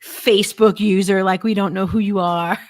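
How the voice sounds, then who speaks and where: A chatty woman co-hosting a relaxed live stream about food. She laughs easily and often stops mid-word to start over, in a plain mid-range voice. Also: medium pitch, moderate pace. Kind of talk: casual chat.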